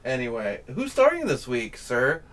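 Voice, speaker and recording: A man's voice: mid-range voice, huge pitch swings, normal speed, a bit bright. Male co-host, mid-range voice, dry teasing banter. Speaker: podcast co-host. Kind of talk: casual chat.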